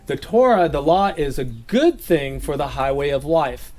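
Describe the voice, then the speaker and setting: A man from Southern California giving a relaxed, chatty sermon, laughing often and slipping into playful voices. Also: a little high, measured pace. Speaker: preacher. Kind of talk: casual sermon teaching. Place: gathering.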